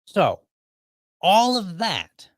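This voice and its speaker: A man's voice: high-pitched, huge pitch swings, very slow. A man hosting a podcast, telling a personal story in a casual, argumentative and wry way. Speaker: podcast host.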